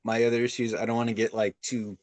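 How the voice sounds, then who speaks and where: A man's voice: mid-range voice, little pitch movement, quick pace, no room sound. A young man chatting casually on a podcast, laid-back and rambling with lots of restarts. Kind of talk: casual chat.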